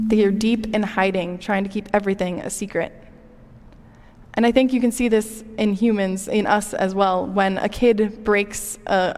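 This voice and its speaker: Woman giving a chatty relatable sermon, middle pitch, big hall reverb. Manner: conversational, relatable preaching with personal anecdotes. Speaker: preacher.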